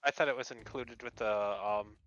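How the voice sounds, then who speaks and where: A man playing a tabletop game, excitable, swears and laughs a lot in casual chat. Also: lowish voice, moderate pace, muffled recording, faint music behind. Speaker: player.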